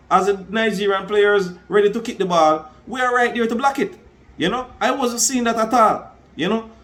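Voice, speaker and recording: A man's voice: sits high, a bit bright. A man with a Jamaican accent giving casual sports talk, often saying "trust me" and "you understand me". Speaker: sports commentator.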